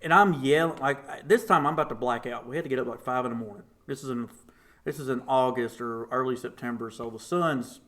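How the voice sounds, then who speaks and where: A young man, a podcast guest telling a story casually and acting out the voices in it. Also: fairly quick. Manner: animated, acts out quotes with big pitch jumps.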